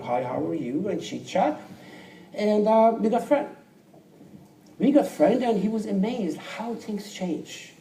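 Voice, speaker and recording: Speaking in a fairly high voice with a foreign accent, a man recounts his life story before an audience in a spacious hall. His telling is lively, with impersonations of quoted people and moments of near whispering, captured on a distant, echoey mic with slight background noise.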